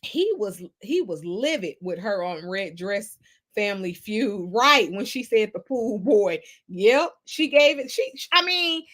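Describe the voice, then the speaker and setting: A woman hosting a casual gossip livestream, sassy and animated, laughing often as she reads the chat. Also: medium pitch, a little slow. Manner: sassy, animated, laughs a lot, Southern Black American slang. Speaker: livestream host reading chat.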